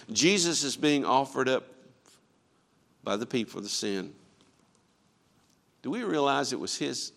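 A man preaching a sermon, emphatic and full of rhetorical questions, shifting between quiet and loud passages. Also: mid-range voice, big-room sound.

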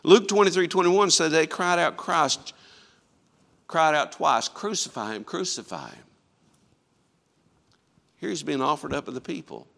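A man preaching a sermon, emphatic and full of rhetorical questions, shifting between quiet and loud passages. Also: fairly high pitch, normal speed, vocal fry, in a large hall.

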